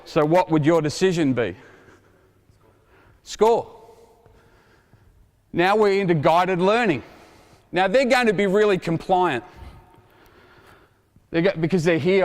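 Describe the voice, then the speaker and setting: A man in his forties coaching basketball players through a drill, energetic and joking as he calls out instructions. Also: fairly high pitch, slow, long pauses. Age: 40s. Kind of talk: coaching clinic demonstration. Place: indoor basketball court. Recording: reverberant gym hall. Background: basketballs bouncing.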